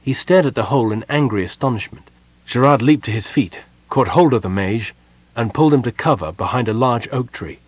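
A man reading a story aloud as an audiobook narrator, with measured delivery. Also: medium pitch, lively intonation, slightly rough, no room sound. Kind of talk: scripted narration.

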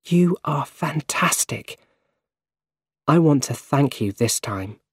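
A man's voice: fairly high pitch, expressive, takes it slowly, slightly rough, no room sound, clean studio sound, pitched above the performer's own voice, heavily acted. A man voicing a spirited, affectionate young woman in a raised, lighter voice. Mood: earnest.

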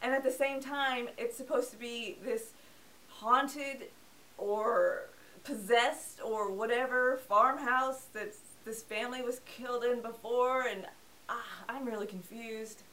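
A woman's voice: on the high side, steady tone, slow, fairly bright tone, recorded from a distance, slight background noise, low-quality recording. A woman hosting a casual film review show, talking in a playful, sarcastic, joking manner. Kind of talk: casual scripted movie review.

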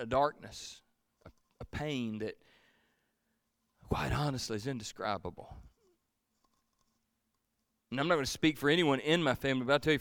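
A male pastor preaching a sermon, swinging from loud pleading to hushed, almost whispered lines. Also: mid-range voice, no echo.

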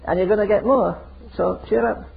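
A man's voice: high voice, fairly even intonation, normal speed, creaky, slight background noise. An older man preaching a fiery, emphatic sermon full of rhetorical questions. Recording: tinny phone-like sermon recording.

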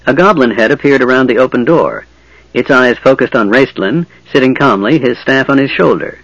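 A man giving a measured, dramatic audiobook narration of a fantasy story. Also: mid-range voice, fairly bright tone, dry recording, lo-fi sound.

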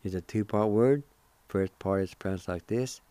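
A patient man hosts a radio language lesson, sounding out syllables one at a time at an unhurried pace. His voice sits low and warm. The studio sound is close and dry. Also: clean tone, no echo. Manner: spells letters one by one and repeats syllables deliberately. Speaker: radio host teaching Cherokee words. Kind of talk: slow, careful language lesson.

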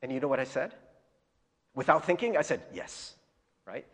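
A man's voice: mid-range voice, expressive, fairly quick, fairly bright tone, breathy edge, big-room sound. A male pastor preaching a sermon, telling candid stories with self-deprecating laughs and casual fillers.

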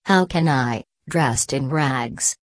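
A woman voicing a sad, humble young woman in a storybook reading, speaking softly. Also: very deep voice, slow pace, dry recording, studio quality, exaggerated voice. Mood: downcast.

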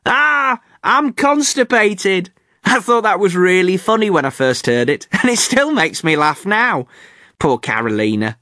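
A man hosting an English-learning podcast, speaking clearly in an amused, teacherly way. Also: high-pitched, very animated, moderate pace, pushed and bright, no room sound, clean studio sound. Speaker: podcast host.

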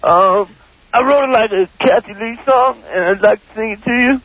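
A man calling in to a radio show in a strained, raspy comic voice, singing a crude joke song. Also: high voice, normal speed, dry recording. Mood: manic. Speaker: caller doing a comedy bit. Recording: lo-fi radio phone call.

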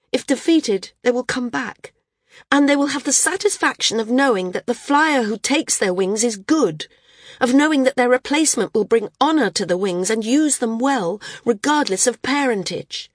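A woman narrates a novel in a steady, measured storytelling voice. Her tone is a little husky, and the recording is dry and close. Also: a little high, dry recording. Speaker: audiobook narrator. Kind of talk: scripted narration.

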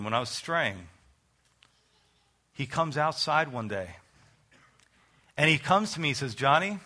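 Bright-voiced New preacher man. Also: fairly high pitch. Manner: earnest, conversational preaching with emphatic rises. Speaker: pastor. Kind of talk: sermon with personal testimony.

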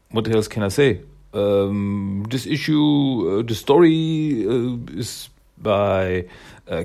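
Man, low voice, casual, rambling, many fillers. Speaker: comic book reviewer. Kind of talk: casual comic recap.

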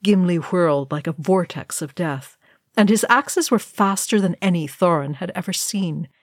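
Woman reader, lowish voice, slow and measured, dry close mic. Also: expressive, dry recording. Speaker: audiobook reader. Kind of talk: fan fiction reading.

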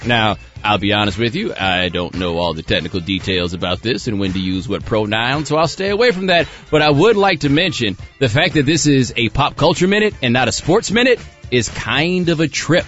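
A man's voice: medium pitch, fairly quick, muffled recording, faint music behind. A man delivering a pop culture commentary segment on sports radio, ranting and firing rhetorical questions. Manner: animated rant with rhetorical questions. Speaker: radio show contributor.

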